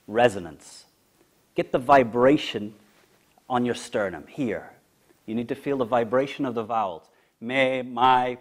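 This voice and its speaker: A man coaching public speaking, lecturing emphatically with deliberate pauses and demonstrating vowels and inflection. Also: mid-range voice.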